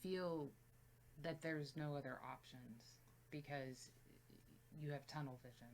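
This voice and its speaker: A woman's voice: low-pitched, unhurried, darkish tone. A woman co-hosting a music reaction video in casual chat, thoughtful and reflective as she talks. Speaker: reaction channel co-host.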